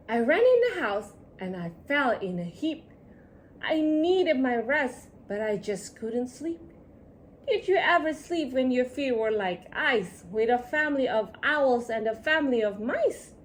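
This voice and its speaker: Woman reading a children's storybook aloud, lively and sing-song. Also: fairly high pitch, slight background noise. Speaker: storybook reader.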